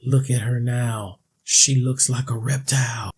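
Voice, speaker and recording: A man's voice: medium pitch, flat delivery, unhurried, a little mellow, slight background noise. A man ranting in a video commentary, blunt and sarcastic, with a mocking edge.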